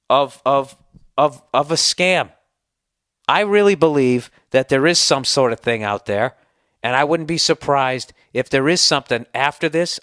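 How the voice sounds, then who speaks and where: A middle-aged podcast host with a Boston accent launches into a sarcastic, profane, heated rant in a ranting monologue. His mid-range voice has a fairly bright tone, captured in clean studio sound with no echo.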